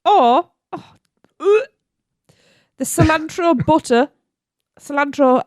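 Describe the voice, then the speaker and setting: A woman's voice: high-pitched, takes it slowly, pauses often, no echo, studio quality. A woman co-hosting a podcast in casual chat, giggly and playful, tripping over words. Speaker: podcast co-host.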